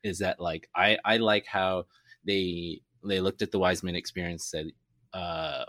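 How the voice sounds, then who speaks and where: A man's voice: deep voice, steady tone, a little slow, fairly bright tone, no room sound, clean studio sound. A man co-hosting a casual sports podcast, chatty and wry, often restarting his sentences. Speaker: podcast co-host.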